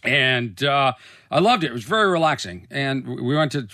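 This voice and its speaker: Comedian dude rambling on his podcast, bright edgy voice, swears a lot, dead dry studio. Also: mid-range voice, expressive, normal speed, no room sound. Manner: loose, swears freely, self-mocking. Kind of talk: casual rambling monologue. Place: recording studio.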